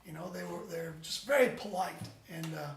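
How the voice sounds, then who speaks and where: A high-voiced man with a gravelly edge tells stories in an animated, rambling way, often restarting his sentences. His voice is picked up from across a roomy, echoing space with a faint hiss behind it. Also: fairly quick. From United States. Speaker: band member, guest. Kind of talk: casual interview chat. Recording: roomy echo, distant mic.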